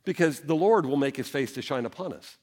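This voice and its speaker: A man's voice: fairly high pitch, lively intonation, brisk, darkish tone. A male pastor preaching a sermon, reading scripture aloud and then explaining it earnestly, rising for emphasis.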